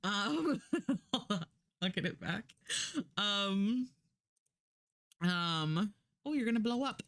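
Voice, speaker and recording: A woman's voice: mid-range voice, lively intonation, slow, fairly bright tone. A woman streamer recapping a book in casual chat, rambling through lots of fillers and restarts, and blunt and profane when something annoys her.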